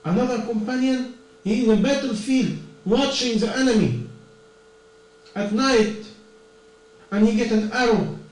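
High-voiced preacher in an echoey hall. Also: male voice, unhurried, pauses often. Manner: earnest, non-native English with plain grammar slips. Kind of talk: sermon. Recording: echoey distant room recording with mains hum.

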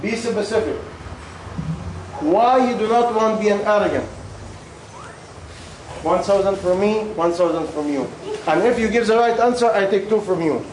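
High-voiced preacher in an echoing hall. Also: male voice, moderate pace, pauses often, darkish tone. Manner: questioning, repetitive, coaxing the audience. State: losing his voice. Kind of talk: sermon with call and response. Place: large echoey hall with audience. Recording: very echoey hall, faint noise.

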